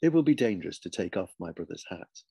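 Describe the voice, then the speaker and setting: A man doing a quiet, stubborn schoolboy. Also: low voice, very animated, quick pace, creaky, slightly rough, no echo, voice pushed down, exaggerated voice. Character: stubborn, solemn refugee schoolboy, quiet and unyielding.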